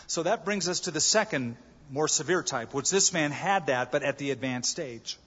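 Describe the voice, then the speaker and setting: A man preaching a sermon as pastor, animated and acting out the voices and cries in the story. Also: on the high side, normal speed, breathy edge. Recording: dull, echoey large hall.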